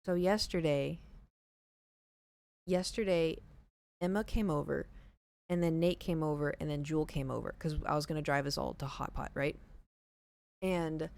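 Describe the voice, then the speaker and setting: Deep-voiced and measured, with vocal fry and frequent pauses, a young woman tells her stream chat a story in a chatty way. She leans on "like," performs the retold dialogue, and lowers her voice to a hush at points. She starts on a headset but removes it later.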